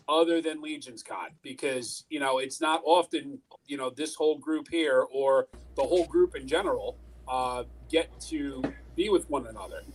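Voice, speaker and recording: A man's voice: medium pitch, a little hiss or hum, low-quality recording. A man, a podcast guest, speaking earnestly and repeating himself in casual chat.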